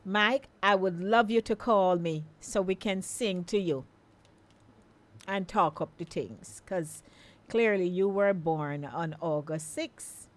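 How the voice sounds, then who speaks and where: Jamaican woman, middle-aged, radio call-in host, slow talker, lowish voice, chatty and coaxing. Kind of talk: live call-in radio chat.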